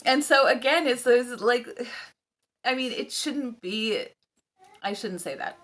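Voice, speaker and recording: Slow-talking mom vlogger chatting casually. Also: female voice, fairly high pitch, lively intonation, fairly bright tone. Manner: rambling, with frequent ums and laughing asides. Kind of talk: casual chat to camera.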